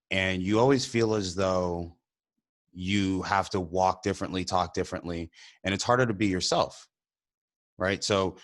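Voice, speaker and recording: Man with a lowish voice, co-host, casual chat, animated storyteller, laughs between lines. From immigrant to the country. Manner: animated storyteller, laughs often, acts out quoted dialogue. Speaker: podcast co-host. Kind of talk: casual conversation, telling a story.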